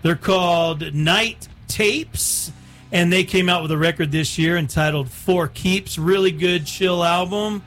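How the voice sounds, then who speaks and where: A man's voice: sits high, measured pace, fairly bright tone, soft background music. A man hosting a radio show, chatting casually and joking between songs. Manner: laid-back, jokey, laughs easily. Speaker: radio host.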